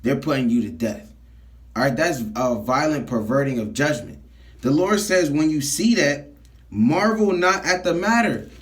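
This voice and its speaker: A man preaching from scripture, reading verses aloud and then explaining them in plain talk, often checking in with "all right?". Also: fairly high pitch. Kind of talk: street sermon teaching scripture.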